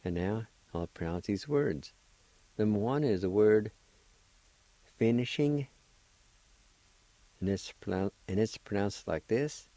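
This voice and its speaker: His voice is on the low side, mellow and animated, moving slowly with long pauses. A middle-aged language teacher and radio host from Oklahoma, US, he patiently and encouragingly spells and sounds out words; the recording is rough but has no echo.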